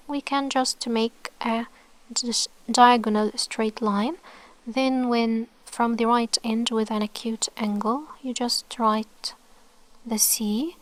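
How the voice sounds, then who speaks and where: A woman with an Egyptian accent teaches Arabic letters patiently, using many fillers and often dropping to a soft whisper. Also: on the high side, no room sound. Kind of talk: online alphabet lesson.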